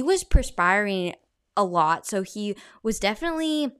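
A woman's voice: medium pitch, very animated, normal speed, a bit bright, clean tone, dry recording, clean studio sound. A young woman hosting a podcast, telling a story in a casual, chatty way with plenty of "like" fillers. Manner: chatty, filler-heavy retelling with frequent "like". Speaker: podcast host.

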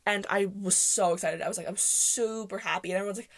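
A woman's voice: medium pitch, fairly even intonation, fast. A young woman hosting a podcast, chatting casually and rambling with lots of fillers, often laughing as she talks. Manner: rambling and chatty, with many fillers and self-interruptions; laughs often while talking. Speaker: podcast host. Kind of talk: casual solo chat.

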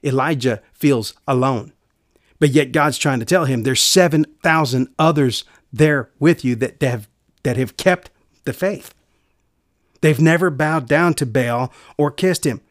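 A man preaching a sermon in an earnest way, repeating key phrases and going soft for quiet lines. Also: mid-range voice, a little slow, dry recording, clean studio sound.

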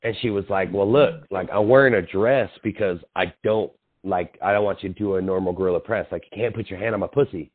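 Low-voiced man telling profane stories, tinny line. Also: a little fast, few pauses, husky. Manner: profane, animated storytelling with acted-out quotes. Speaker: podcast co-host. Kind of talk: casual chat. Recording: tinny phone-like sound.

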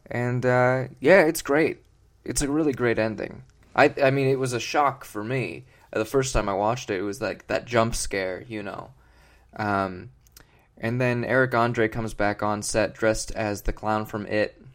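Mid-pitched man, deadpan comedy podcast co-host who rambles. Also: a little slow. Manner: rambling, mock-earnest, full of fillers.

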